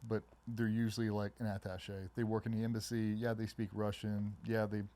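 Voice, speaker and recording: A middle-aged man, a former special operations member, telling stories in a casual interview and acting out other people's voices in a much higher pitch. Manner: fast, animated storytelling, acts out quoted voices much higher. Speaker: guest, former Navy SEAL.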